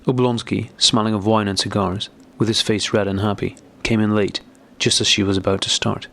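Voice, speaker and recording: A man reading an audiobook as narrator, in a steady, measured narration. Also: on the low side, vocal fry. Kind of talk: scripted narration.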